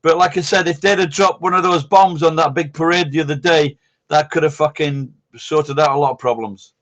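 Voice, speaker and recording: A man on a casual live stream talks briskly, his fairly bright voice on the high side with fairly even intonation. His chat is rambling and blunt, and he swears constantly.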